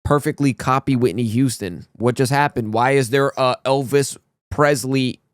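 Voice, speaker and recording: A man's voice: medium pitch, moderate pace, clear, resonant tone, dry recording, studio quality. A man hosting a reaction video, chatting in a casual, enthusiastic, slangy way that tends to ramble.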